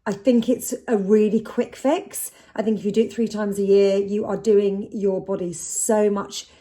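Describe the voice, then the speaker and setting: A woman co-hosting a podcast, telling stories in a chatty, lively way and swearing freely. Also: mid-range voice, normal speed. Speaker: podcast co-host. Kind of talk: casual chat.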